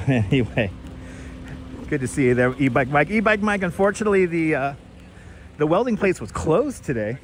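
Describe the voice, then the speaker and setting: A man's voice: on the high side, very animated, moderate pace, long pauses, a little hiss or hum. A man hosting a casual live walking-tour stream outdoors, chatting and greeting viewers by name on a clip-on mic. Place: outdoors on a city street. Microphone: wireless clip-on mic.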